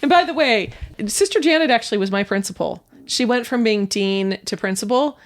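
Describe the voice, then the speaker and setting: A middle-aged woman co-hosting a podcast, breaking in with quick teasing asides during casual chat. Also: fairly high pitch. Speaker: podcast co-host.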